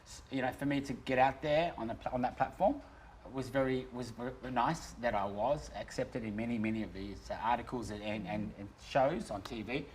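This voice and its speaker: A man who co-hosts a casual panel chat and has written a book, speaking in an effusive, warm-hearted way. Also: mid-range voice, moderate pace, a little hiss or hum, low-quality recording. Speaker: co-host and author.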